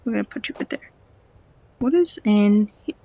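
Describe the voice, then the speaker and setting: Her mid-range voice is gravelly, dark and expressive, moving at a moderate pace over lo-fi sound. A stuffy-nosed game vlogger, she gives light, playful commentary on a game at home, speaks to the characters, and every so often slips into a whisper, all through a cheap home microphone.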